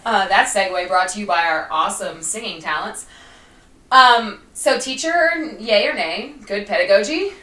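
A chatty woman co-hosting a podcast in a relaxed, rambling way. Her voice is bright and sits a bit away from the mic. The room adds a roomy echo. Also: mid-range voice, normal speed, recorded from a distance. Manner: chatty, many fillers and laughs. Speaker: podcast co-host, former teacher. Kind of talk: casual podcast chat.

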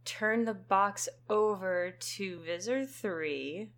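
A woman reads a choose-your-own-adventure book aloud, animated and wry, breaking off for quick comments. Her voice sits at a middling pitch. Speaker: co-host reading aloud. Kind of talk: comic book reading.

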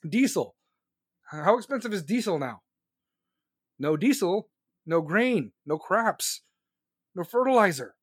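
A man hosting a podcast, ranting angrily about politics with constant swearing and shouted questions. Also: sits high, very animated, measured pace, long pauses, breathy edge, no room sound, studio quality. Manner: profane, furious, shouting questions. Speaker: podcast host. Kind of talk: angry political rant.

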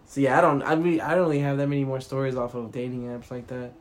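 A man co-hosting a podcast, speaking in a relaxed, low-key way, mostly giving short replies and asides. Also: quick pace. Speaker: podcast co-host. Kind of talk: casual chat.

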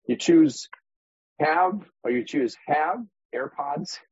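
A man's voice: a little high, slow pace, a little mellow, husky, dry recording. A man as a guest on a real estate podcast, talking animatedly and acting out voices and examples. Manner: demonstrative, acts out inner voices, uses props as metaphors. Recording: dull muffled podcast audio.

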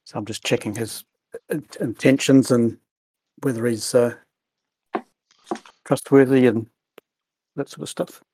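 A man's voice: medium pitch, steady tone, measured pace, pauses often, dark tone, a little hiss or hum. A man playing a tabletop game, joking around and asking questions. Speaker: player. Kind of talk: casual tabletop game talk.

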